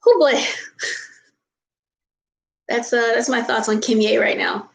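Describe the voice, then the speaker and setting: A woman's voice: fairly high pitch, slow pace, vocal fry, reverberant, rough recording. An American woman vlogger chatting casually with viewers, ranting in exasperation, laughing and apologizing often. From United States. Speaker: vlogger answering viewer questions. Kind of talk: casual chat.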